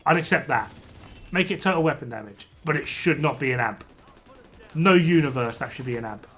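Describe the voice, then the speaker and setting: Ranting man with a bright, tense voice. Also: mid-range voice, lively intonation, fairly quick. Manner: ranting, exasperated, swears freely. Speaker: game streamer. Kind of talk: casual gameplay commentary to chat.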